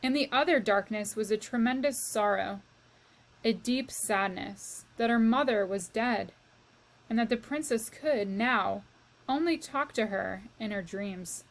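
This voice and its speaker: A woman reading a children's novel aloud to a class, with slow, expressive storytelling that speaks to the reader. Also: on the high side.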